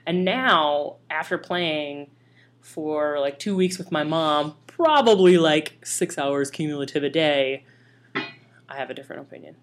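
Podcast co-host, woman with a lower voice, lively and self-deprecating banter. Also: unhurried. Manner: animated, self-mocking, laughs often. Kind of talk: casual chat.

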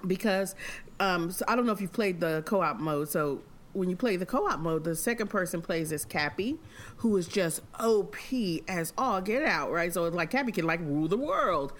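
A woman hosting a podcast, chatting in a lively way and laughing often. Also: fairly low pitch. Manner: chatty, animated, quick to laugh. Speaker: podcast host. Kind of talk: casual conversation.

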